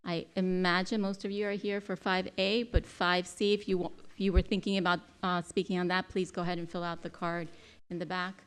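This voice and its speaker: A woman presides over a city commission meeting, speaking into a dais microphone in the chamber. Her voice is lowish, smooth and flat in tone, and her manner is friendly and chatty. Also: a little fast. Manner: friendly, chatty, with fillers and restarts. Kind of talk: casual but official meeting chairing.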